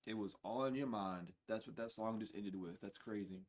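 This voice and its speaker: A man giving a spiritual reading on a livestream in a casual, profane way, dropping to low mutters and then bursting out loud and laughing. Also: normal speed. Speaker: spiritual reader.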